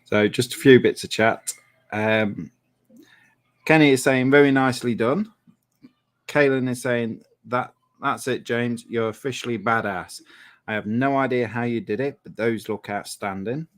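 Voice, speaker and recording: A man's voice: mid-range voice, a little slow. A man hosting a model-making livestream, casually reading out viewer comments and murmuring admiration over the models.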